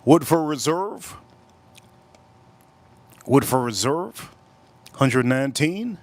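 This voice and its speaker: A man hosting a casual live stream, reading out chat messages and giving shout-outs, repeating his phrases and swinging between loud bursts and low mutters. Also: takes it slowly, no echo. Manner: animated, reads out chat and gives shout-outs.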